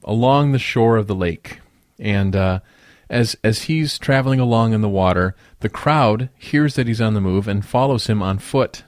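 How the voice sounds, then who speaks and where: A man with a fairly low voice gives a relaxed, conversational sermon, thinking aloud and circling back on his phrases. The sound is dry and close, with almost no room around it. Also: dry recording. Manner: conversational and reflective, with small restarts and folksy asides. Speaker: pastor.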